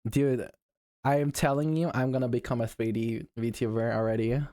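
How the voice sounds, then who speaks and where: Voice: mid-range voice, flat delivery, normal speed, dry recording, clean studio sound. A VTuber streamer chatting casually on a live stream, laughing a lot and swearing often. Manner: giggly, swears often, reacts out loud.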